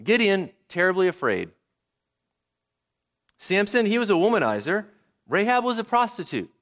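Guy preaching in church, kinda high voice, really lively up and down, lots of questions at the crowd. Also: moderate pace. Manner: animated preaching with rhetorical questions. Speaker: pastor. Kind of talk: sermon.

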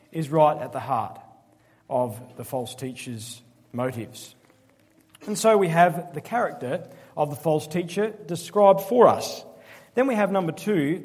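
A man preaching in a sermon, his voice somewhat higher than most men's. He speaks with emphasis, slowing for key phrases and slipping in dry, sarcastic asides. The sound rings with the long reverb of a church hall. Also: a little mellow.

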